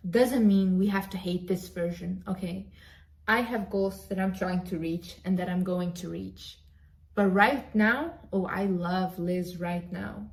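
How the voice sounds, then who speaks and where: A woman's voice: mid-range voice, creaky. A woman vlogger giving an emphatic, repetitive motivational pep talk straight to her viewers. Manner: emphatic, repetitive, direct address.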